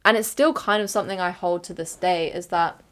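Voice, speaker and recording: A woman's voice: on the low side, brisk, fairly bright tone. A young woman hosting her own podcast, talking through her thoughts in a candid, rambling way with lots of fillers and self-corrections. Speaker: podcast host. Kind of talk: reflective solo podcast monologue.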